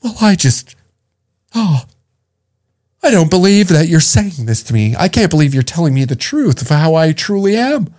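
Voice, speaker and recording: Whiny pleading woman, a guy putting her on, high and wounded. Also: sing-song, normal speed, darkish tone. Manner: pleading, self-pitying.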